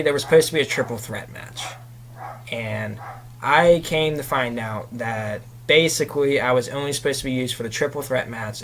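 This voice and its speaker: A man's voice: medium pitch, fairly bright tone, a little hiss or hum. A young man, a guest in a casual chat, telling a long story with lots of "you know" fillers.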